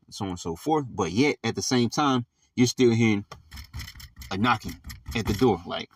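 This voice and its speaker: A man with a lowish voice leads an informal bible study, reading verses aloud and then breaking them down in casual, slangy talk. He keeps checking in with the listener. The sound is dry and a little distant from the mic. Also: expressive, moderate pace, long pauses, no echo. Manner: conversational, slangy, frequent "all right?" check-ins. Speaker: bible teacher.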